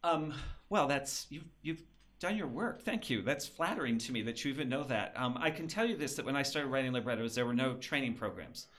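Librettist guest, man, mid pitch, chatty and self-mocking, conversational. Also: expressive, brisk, a bit bright. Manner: chatty, self-deprecating, laughing often. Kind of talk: casual interview conversation.

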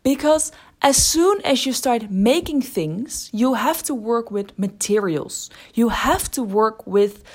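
A woman's voice, set a little high, speaking as a podcast host who teaches creativity. Her delivery is unscripted and thoughtful, with fillers and restarted phrases as she works through an idea. She is middle-aged. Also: expressive, slow pace, hardly any pauses. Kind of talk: casual spoken monologue.

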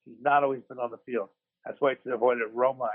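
A man's voice: medium pitch, fairly even intonation, fast. A man co-hosting a sports podcast from a hospital room after surgery, rambling and self-deprecating with lots of restarts. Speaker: podcast co-host. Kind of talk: casual sports podcast chat. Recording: tinny phone line.

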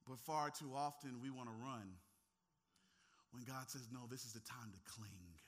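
A man preaching a sermon, swinging between hushed asides and impassioned, near-shouted stretches, teasing and talking directly to the congregation. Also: medium pitch, measured pace. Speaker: pastor.

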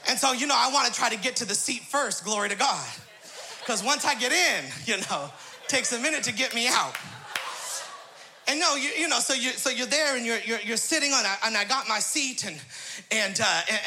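A man preaching a comic sermon, his voice strikingly bright and cutting. He laughs through his own story and scatters short bursts of praise between lines. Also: extremely high pitch, a little hiss or hum. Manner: laughing often, peppers story with praise interjections. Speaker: pastor.

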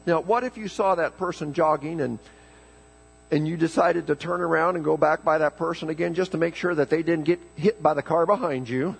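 A man's voice: fairly high pitch, creaky, husky, rough recording. A man preaching a folksy, joking sermon in church, often repeating words as he starts a thought. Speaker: pastor.

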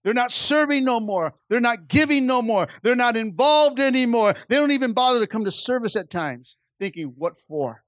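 A man's voice: very high voice, animated, normal speed, hardly any pauses, a bit bright, no room sound. A man preaching a sermon to his church, repeating phrases and restarting words as he presses his point. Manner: preaching with rising and falling intensity, many repetitions and stammered restarts. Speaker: pastor.

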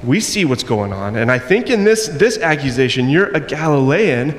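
A man preaching a sermon, acting out the quoted voices and moving between loud and soft passages. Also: mid-range voice, very animated, normal speed. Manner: acts out quoted voices, varies loudness widely. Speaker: pastor. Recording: long echo in a hall, faint noise.

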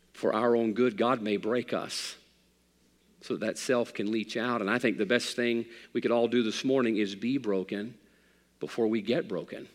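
A man preaching a sermon as pastor, swinging from hushed, quiet passages to loud, fervent outbursts. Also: fairly low pitch. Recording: long hall reverb.

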